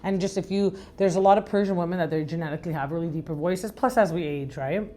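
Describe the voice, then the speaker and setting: Middle-aged woman from Iran, deep and raspy, frank chatty podcast host who rambles. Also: quick pace, mellow. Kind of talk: casual recap chat.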